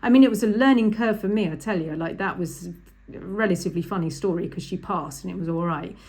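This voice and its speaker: A woman's voice: lowish voice, brisk, a little mellow, breathy edge. A woman, a driving instructor talking through a lesson over drawings, chatty and emphatic, repeating the key points.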